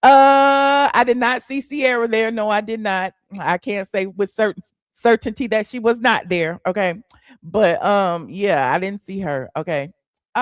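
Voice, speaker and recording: A man's voice: sits high, moderate pace, no echo, studio quality. A man hosting a live gossip stream, chatting casually and sassily with viewers and calling them honey and child. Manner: sassy, animated, peppered with "honey" and "child". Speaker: host of a celebrity gossip livestream.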